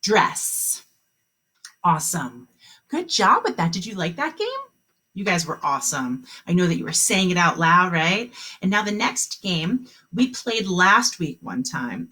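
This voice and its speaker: A woman teaching a kindergarten phonics lesson on a video call, speaking slowly and encouragingly and stretching out the sounds of words for young children. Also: on the low side, a bit bright, slightly rough.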